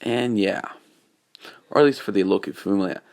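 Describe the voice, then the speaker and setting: A man's voice: lowish voice, moderate pace, gravelly, a little mellow. A man casually retelling a fan-made story, meandering and full of restarts and filler.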